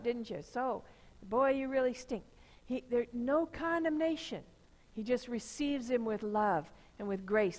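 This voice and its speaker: A woman's voice: medium pitch, a little mellow. A woman pastor giving a conversational sermon, acting out the voices of the people in her story. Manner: conversational preaching, acts out quoted voices. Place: church sanctuary. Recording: long reverb of a church sanctuary.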